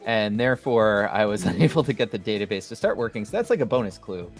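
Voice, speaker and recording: A man's voice: lowish voice, sing-song, fast talker, soft background music. A man co-hosting a livestream, talking casually in a playful, rambling way. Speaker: co-host of a developer livestream.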